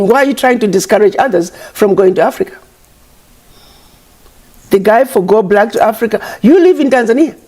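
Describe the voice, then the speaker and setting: A woman's voice: medium pitch, mellow. A woman giving an impassioned public address, scolding her critics with repeated rhetorical questions.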